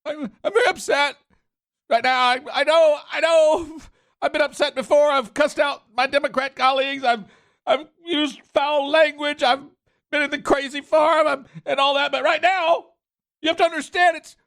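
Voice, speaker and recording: A man mockingly imitating a tearful, overwrought woman official in a high crying whine. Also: steady tone, normal speed, a bit bright. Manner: exaggerated high-pitched crying mockery.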